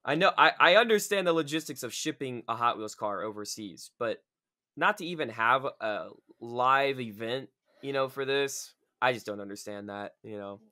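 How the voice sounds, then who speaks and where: Male podcast host, bright tone, chatty and animated. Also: medium pitch. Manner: animated, chatty, quick to laugh. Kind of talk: casual podcast interview.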